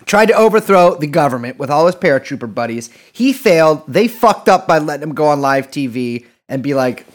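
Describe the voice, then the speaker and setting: A man's voice: on the high side, expressive, brisk, hardly any pauses. A man co-hosting a podcast, talking casually with many restarts, jokes and swearing. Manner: rambling, jokey, many restarts and profanity. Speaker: podcast co-host. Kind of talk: casual chat.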